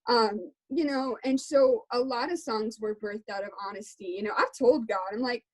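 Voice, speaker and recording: A woman's voice: a little high, normal speed, rough recording. A young adult woman speaking in an interview, talking earnestly and from the heart. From Texas. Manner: earnest, heartfelt, faith-centered. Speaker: guest musician. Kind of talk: candid interview talk.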